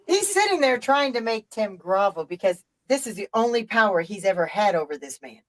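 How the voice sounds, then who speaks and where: A middle-aged woman tells a story on a live stream in a casual, rambling way. She swears freely and drives her points home with emphasis. Her voice sits at an ordinary pitch for a woman. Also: big pitch swings, brisk, rough recording. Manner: emphatic, profane, rambling retelling.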